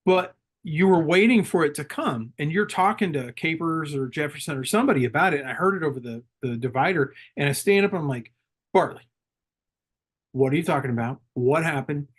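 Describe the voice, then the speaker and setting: Calm, reflective middle-aged man. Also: on the high side, fast talker, few pauses. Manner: calm, reflective, laughs easily. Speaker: podcast guest, former Marine leader. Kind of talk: casual interview storytelling.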